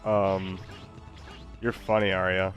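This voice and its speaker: A man's voice: low voice, little pitch movement, slow, faint music behind. A man chatting casually with an AI assistant, hesitant and stumbling over his words. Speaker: user chatting with an AI. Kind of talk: casual chat.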